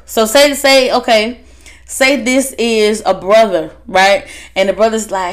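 A woman giving a casual motivational talk to fellow workers, animated and laughing as she acts out her family's voices. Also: fairly high pitch, unhurried. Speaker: speaker addressing workers.

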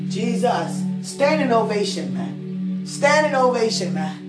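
A woman with a high voice gives a casual faith testimony, shifting between soft musing and loud, emphatic outbursts in a sing-song, unhurried way. The room is large and echoey, and music plays in the background.

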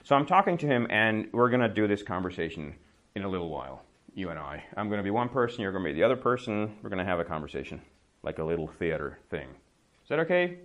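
A man's voice: low-pitched, big pitch swings, quick pace, fairly bright tone, highs cut off. A man teaching a conversational English lesson, telling a story casually and acting out what people mutter. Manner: storytelling, acts out mumbling voices, laughs often; bilingual, switches to Czech to explain.

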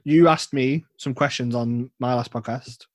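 Podcast host, playful and loose, mid-pitched, dry close sound. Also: male voice, steady tone, measured pace, dry recording. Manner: playful, bantering, swears casually. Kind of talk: casual chat.

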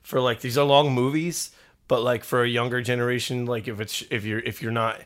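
A man co-hosting a podcast, chatting casually about a movie, excited and profane, rambling with restarts. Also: mid-range voice, fairly quick. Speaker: podcast co-host. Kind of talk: casual movie-review chat.

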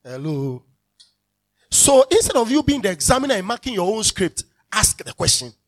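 A man's voice: sits high, sing-song, normal speed. A male pastor preaching a sermon, emphatic and repeating his key phrases as he calls out to the congregation.

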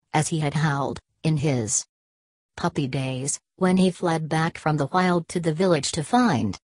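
Brief: woman audiobook narrator, deep and unhurried, dry close recording. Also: darkish tone, dry recording. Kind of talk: scripted narration of a classic novel.

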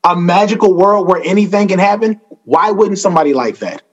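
A man doing a stand-up set, telling self-mocking stories in an animated way. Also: high-pitched, a little fast, lo-fi sound. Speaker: stand-up comedian.

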